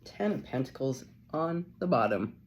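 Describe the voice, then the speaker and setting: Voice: medium pitch, animated, normal speed, a little hiss or hum. A tarot reader giving a casual channeled reading, effusive and loose, swearing freely and laughing often.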